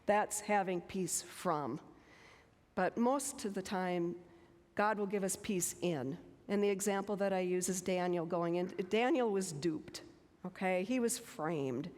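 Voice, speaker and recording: A woman in her fifties giving a church talk with personal stories, speaking slowly and deliberately with homely asides. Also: on the low side, a little mellow. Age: 50s. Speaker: guest speaker. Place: church sanctuary. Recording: long reverb of a church hall.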